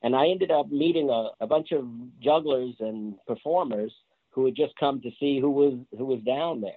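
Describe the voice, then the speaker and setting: A man, an interview guest, recounts his street-performing days in a lively, chatty way, breaking into laughter now and then. His voice comes through a thin, phone-like line. There is little room sound around him. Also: mid-range voice, normal speed, no room sound. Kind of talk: casual storytelling interview. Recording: tinny phone-like line, dry.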